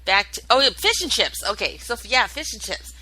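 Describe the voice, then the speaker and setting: A woman's voice: fairly high pitch, very animated, fairly quick, bright, forceful tone, a little hiss or hum, rough recording. A woman hosting her own internet radio show, chatting casually and rambling with lots of fillers and swearing. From United States. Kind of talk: casual solo chat, answering listener chat.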